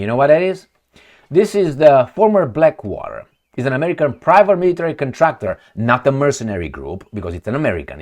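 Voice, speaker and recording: A man with a non-native accent hosting an opinionated commentary vlog, firing rhetorical questions at the viewer in a ranting way. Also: mid-range voice. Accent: non-native accent of English. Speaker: political commentary host.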